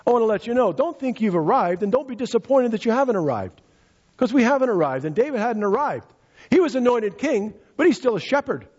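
A male preacher with a high, husky voice that rises and falls animatedly as he drives his points home. He retells scripture in everyday words and says key lines twice. The recording is dull and lo-fi. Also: lively intonation, fairly quick, darkish tone. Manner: emphatic, repeats key phrases, paraphrases scripture in casual speech. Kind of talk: sermon.

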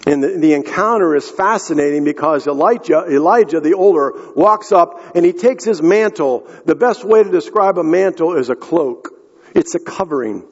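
A man's voice: high voice, husky. A man preaching a sermon, telling a story earnestly and speaking directly to the congregation. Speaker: pastor. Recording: echoey hall, dull lo-fi sound.

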